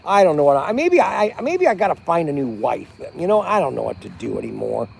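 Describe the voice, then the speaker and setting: A middle-aged man with a notably high voice chats at a campfire at night in a loose, rambling way. He keeps restarting his sentences and reaching for words as he talks on a livestream. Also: big pitch swings, fairly quick, creaky, breathy edge. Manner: rambling, chatty, many restarts and fillers. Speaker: vlog host. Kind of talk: casual livestream chat. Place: outdoors at a campground by a fire at night.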